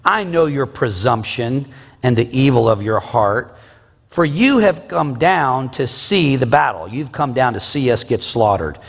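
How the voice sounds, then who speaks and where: A man's voice: mid-range voice, animated, measured pace, vocal fry. A man voicing an angry older brother, a young adult who scolds and accuses his sibling. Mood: angry scolding. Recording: long reverb.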